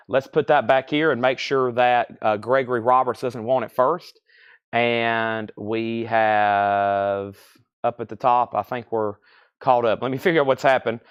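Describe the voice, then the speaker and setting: A man hosting a live-stream vinyl sale in a medium-pitched voice. He reads out conditions and prices in a brisk, businesslike patter and calls bidders by name. Between items he chats casually with the viewers. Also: smooth, lo-fi sound. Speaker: host of a live online record sale.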